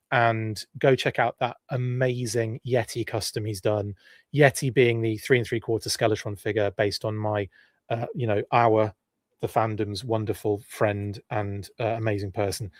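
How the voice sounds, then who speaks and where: A man's voice: lowish voice, no room sound, studio quality. A well-spoken English man hosting a live stream in a rambling, chatty way, reading out viewer comments and going off on asides. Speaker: podcast host.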